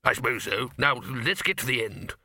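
A man voicing a practical male wizard who talks in hushed, urgent tones. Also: mid-range voice, expressive, moderate pace, gravelly, no echo, studio quality, full character voice. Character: sensible male wizard, chair of a faculty.

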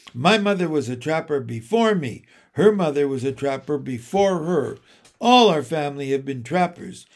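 A man reading a storybook aloud, voicing a small, clever female spider who explains things in a cool, matter-of-fact way. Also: on the high side. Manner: cool, practical, plainly explaining.

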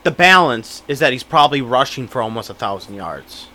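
A man's voice: mid-range voice, lively intonation, fairly quick, bright, forceful tone. A young man co-hosting a podcast in easygoing, hesitant casual chat. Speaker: podcast co-host.

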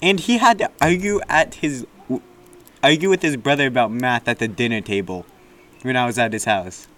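A young man co-hosting a casual chat, teasing his friend in a deadpan way. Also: mid-range voice, normal speed. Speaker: co-host.

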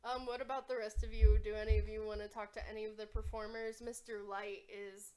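A woman narrating as game master in a tabletop game, relaxed and hesitant with many fillers. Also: medium pitch, a little fast.

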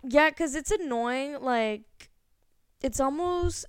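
A woman's voice: sits high, slow, no echo, studio quality. A young woman co-hosting a casual podcast, chatty and laughing, acting out customers in quoted voices. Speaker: podcast co-host. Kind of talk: casual chat.

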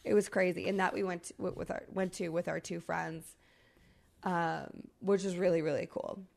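A woman co-host chatting on a podcast, with a lowish voice and a gravelly fry in it. She tells her story in an animated way, swearing freely and filling it with likes and ums. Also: moderate pace. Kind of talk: casual chat.

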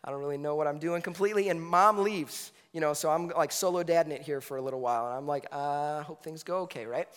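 A man in his thirties preaching a sermon, telling a story in a lively, conversational way with lots of asides. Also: on the high side, fast talker, few pauses, smooth. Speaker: pastor. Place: church hall. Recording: reverberant hall with faint music.

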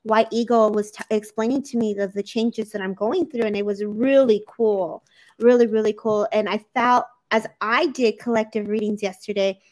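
A woman's voice: medium pitch, fairly even intonation, moderate pace. A woman hosting a live psychic chat on a video call, talking in an effusive, gushing and emotional way. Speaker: psychic medium, live-stream host. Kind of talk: casual live-stream chat.

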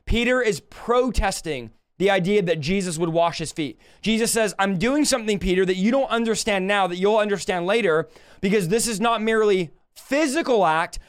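Man, preacher, livestream sermon, high voice, smooth and clear, emphatic, impassioned. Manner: impassioned, emphatic, rises in pitch on rebukes; slows to drawn-out delivery when quoting scripture.

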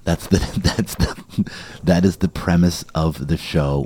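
Deep, husky man hosting a podcast. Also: steady tone, slow pace, mellow. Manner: enthusiastic, frequent affirmations. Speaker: podcast host. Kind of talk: casual interview.

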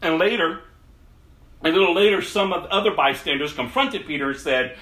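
A man preaching a casual sermon, reading scripture aloud and swinging from loud emphasis to hushed, low tones. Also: a little fast, echoey room.

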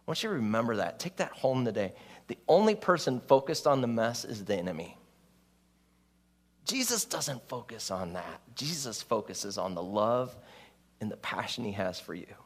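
A man's voice: mid-range voice, sing-song, moderate pace. A male pastor preaching a sermon in an earnest, conversational way, often laughing at his own stories.

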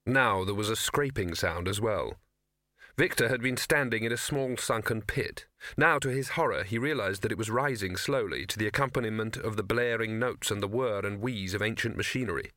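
A man reading a novel aloud in an even, measured storytelling way. His tone is bright and forward, and the recording is close and dry with no room sound. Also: lowish voice, no room sound. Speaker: audiobook narrator. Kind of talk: scripted narration.

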